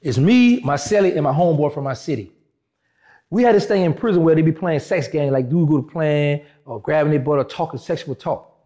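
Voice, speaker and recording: A man talking quickly, his voice pitched a bit high and dark in tone. He tells a long story in a casual interview and acts out each person's lines as he goes. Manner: animated, acts out quoted dialogue in shifting voices. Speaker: interview guest.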